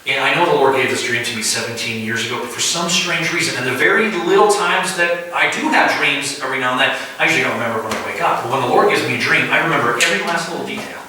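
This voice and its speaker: A man preaching at a house church, telling a dream story in vivid first person with halting restarts. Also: medium pitch, pushed and bright, a little hiss or hum. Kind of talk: conversational sermon storytelling. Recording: echoey room, distant mic.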